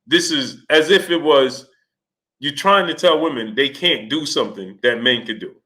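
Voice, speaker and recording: Bright-voiced man hosting a casual livestream. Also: a little high, animated, unhurried, long pauses. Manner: greets chat viewers by name, rising to exasperated outbursts. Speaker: livestream host.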